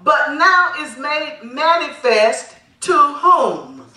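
High, bright woman preaching in an echoey hall. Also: very animated, drawn-out words. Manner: emphatic call-and-response preaching; laughs while preaching. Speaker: pastor. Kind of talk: sermon. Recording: echoey hall, mic at a distance.

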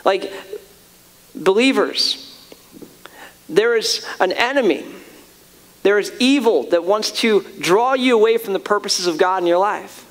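A man with a strikingly high voice preaches to his congregation. He is earnest and emphatic, circling back and restarting phrases as he drives each point home. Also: expressive, measured pace, long pauses. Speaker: pastor. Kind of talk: sermon.

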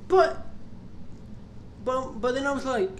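An animated young adult vlogger speaks at normal speed in a mid-range voice, with a little hiss or hum on the recording. They ramble through a story, cursing freely, sounding exasperated, and restarting often, and the room is echoey with faint ambience.

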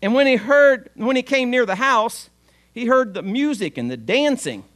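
Man, pastor, sermon, high voice, casual storytelling asides. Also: sing-song, normal speed, a bit bright. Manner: storytelling with conversational asides, acting out the father's lines.

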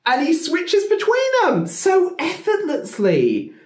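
A man reacting to a song with excited, gushing commentary, laughing often and breaking into shouts. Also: very high-pitched, slow pace. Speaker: music reaction video host. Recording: echoey room, song playing faintly. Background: faint music.

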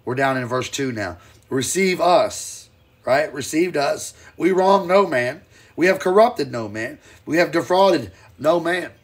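A man delivers a live-streamed Bible teaching in a mid-range voice with a breathy edge. His preaching is fiery and emphatic, swinging between loud and quiet, though he slows down to read scripture deliberately.

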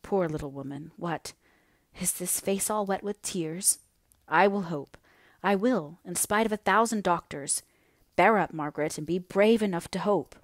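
An impatient, energetic young naval officer pushes his grieving sister to act, voiced by a woman reading a classic story. The voice sits low and is recorded close and dry. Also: measured pace, dry recording, lightly acted. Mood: coaxing. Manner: urgent, coaxing, energetic.

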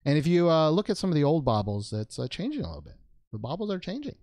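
Male card-unboxing host, casual and jokey, with a gravelly edge and a close, dry sound. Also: on the high side, huge pitch swings, quick pace, a little mellow, no echo. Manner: rambling, joking, with playful made-up words.

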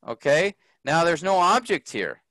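A man teaching a grammar lesson to a group, slow and patient, often checking that the class follows. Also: a little high, big pitch swings, pushed and bright, dry recording. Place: workshop room.

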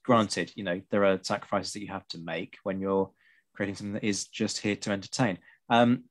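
A man hosting a podcast, talking through a strategy game in a measured way with dry historian's asides. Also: lowish voice, fairly even intonation. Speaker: podcast host. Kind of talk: casual discussion while playing.

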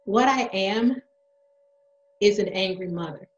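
A woman's voice: medium pitch, slow, reverberant, dull audio, a little hiss or hum. A woman playing a mother in a monologue, emotional and defiant as she speaks out. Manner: emotional, defiant, building to anger. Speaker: mother speaking on her platform. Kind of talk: theatrical monologue.

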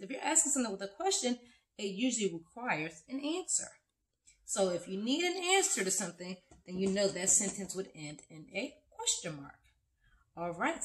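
A woman teaching a children's lesson, expressive and acting out example sentences. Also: medium pitch.

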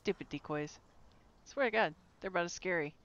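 A woman's voice: lowish voice, brisk, fairly bright tone, muffled recording. A woman streaming a horror game, commenting live and playfully taunting a monster, swearing freely.

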